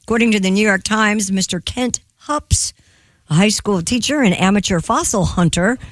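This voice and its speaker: A woman's voice: mid-range voice, no room sound. A woman reading the news on a radio show, playful with the hosts. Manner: playful, quick to laugh.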